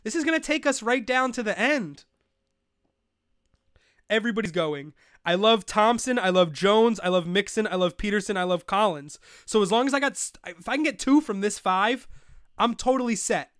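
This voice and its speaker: This young host of a live fantasy football stream has a high, clear, resonant voice at normal speed, captured dry in clean studio sound. He talks casually, gets worked up, swears and vents his frustration.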